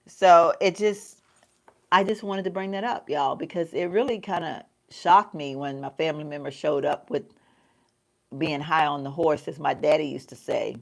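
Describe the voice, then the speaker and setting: Chatty Southern woman vlogger, lower voice. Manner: chatty, folksy, laughs often, calls viewers y'all. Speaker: lifestyle vlogger. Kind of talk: casual chat while doing makeup.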